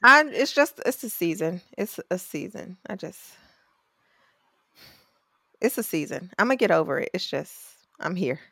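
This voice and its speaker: A woman co-hosting a casual chat podcast, reacting with relaxed, wry asides. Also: fairly low pitch, measured pace, creaky, long pauses, husky, no echo, clean studio sound. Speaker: podcast co-host.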